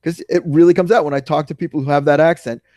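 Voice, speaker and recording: A man's voice: on the high side, fast, no echo, clean studio sound. Play a New York man, ranting on a podcast. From New York suburbs. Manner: animated storyteller, ranting and swearing. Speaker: podcast co-host. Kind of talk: casual chat.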